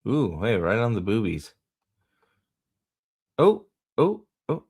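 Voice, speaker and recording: A man's voice: lowish voice, huge pitch swings, slow pace, a little mellow, slightly rough. A man hosting a casual livestream, rambling, swearing and mocking as he reads comments and talks to chat. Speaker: host.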